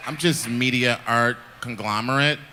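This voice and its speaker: A man's voice: medium pitch, unhurried, pushed and bright, a little hiss or hum. A man hosting a live game show, teasing guests and laughing often. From Chicago. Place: live event with audience.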